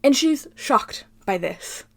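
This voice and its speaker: A young woman from Arizona hosting a casual book commentary, ranting in an animated, heated way with plenty of swearing. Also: high voice, slow, creaky.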